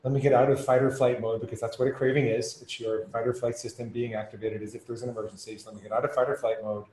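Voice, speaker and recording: A man's voice: mid-range voice, level tone, quick pace, darkish tone, slight background noise. A man as a podcast guest, explaining earnestly and with rising emphasis. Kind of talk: conversational explaining. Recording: echoey room with faint ambience.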